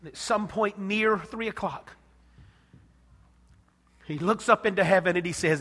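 Male preacher, high bright voice, impassioned sermon delivery, long hall reverb. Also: a little slow, long pauses. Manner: impassioned, swinging from hushed to loud.

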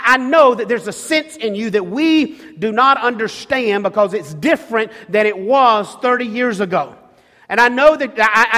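A middle-aged male pastor with a notably high voice delivers a sermon, hammering home repeated phrases and stumbling into restarts as he presses each point. His words carry a long reverb, as if spoken in a large sanctuary. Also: a bit bright. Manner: emphatic, repetitive preaching with restarts.

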